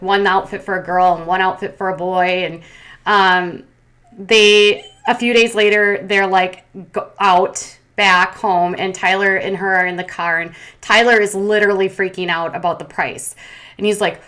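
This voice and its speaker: A woman talking through a recap in a casual, chatty way, dropping opinions as she goes. Her voice sits at a middle pitch, loose and filler-heavy. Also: steady tone, moderate pace, fairly bright tone. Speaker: commentary host.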